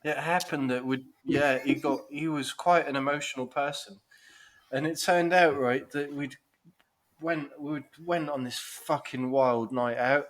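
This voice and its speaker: A man's voice: mid-range voice, fairly even intonation, a little slow, a bit bright. A man, co-hosting a podcast, swearing freely and laughing through his stories in casual banter. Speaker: podcast co-host.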